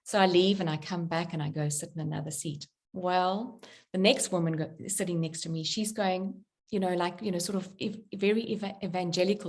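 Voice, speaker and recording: Woman in her middle years giving a spiritual talk, lowish voice, chatty story with lots of ums and you knows. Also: brisk. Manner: animated storyteller, acts out quotes, many fillers. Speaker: spiritual author and workshop leader. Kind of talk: conversational talk with personal story.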